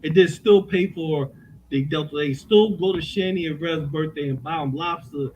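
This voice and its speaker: Man, middle-aged, slightly high voice, animated storyteller, swears a lot, noisy home headset. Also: moderate pace. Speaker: podcast co-host. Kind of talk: casual chat. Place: home, indoors. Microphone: cheap headphones with mic.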